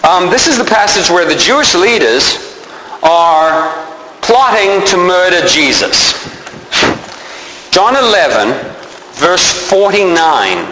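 A man's voice: sits high, sing-song, takes it slowly, sharp tone. Man preaching in an echoey hall. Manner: asks rhetorical questions, then answers them. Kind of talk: sermon teaching. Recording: echoey hall with faint background noise.

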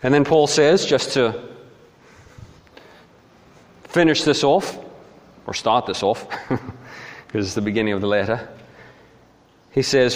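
A man's voice: medium pitch, normal speed, pauses often. A man preaching a sermon, earnest, with rhetorical questions and rising emphasis on key phrases. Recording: long hall reverb.

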